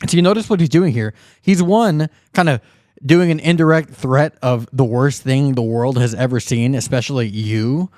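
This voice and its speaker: A man's voice: mid-range voice, moderate pace, a little mellow, no echo, clean studio sound. A man hosting his own commentary channel, reacting indignantly and sarcastically to a preacher's clip. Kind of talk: critical video commentary.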